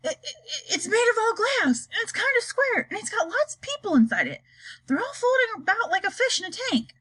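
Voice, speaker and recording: A woman's voice: brisk, heavily acted, low-quality recording. A woman voicing a panicky male astronaut reporting to ground control. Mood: alarmed. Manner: high, excited, stammering.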